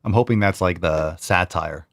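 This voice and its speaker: A man's voice: lowish voice, moderate pace, no room sound, clean studio sound. A man hosting a reaction show, mocking and incredulous as he repeats clips he is watching. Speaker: host. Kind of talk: reaction commentary.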